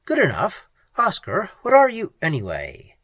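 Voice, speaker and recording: A man's voice: sits high, wildly swooping pitch, unhurried, a bit bright, breathy edge, no room sound, clean studio sound, pitched above the performer's own voice, exaggerated voice. A reader doing a blunt young man. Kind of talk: audiobook character voice.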